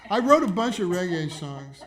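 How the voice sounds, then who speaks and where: An older man, a songwriter and musician, telling stories in a relaxed, chuckling way in casual conversation. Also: high voice, normal speed. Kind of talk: casual storytelling chat.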